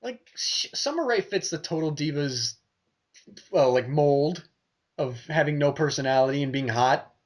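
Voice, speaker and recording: A man's voice: fairly high pitch, expressive, normal speed. A man co-hosting a casual review podcast, joking and swearing freely. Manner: joking, swears, laughs a lot. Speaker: podcast co-host.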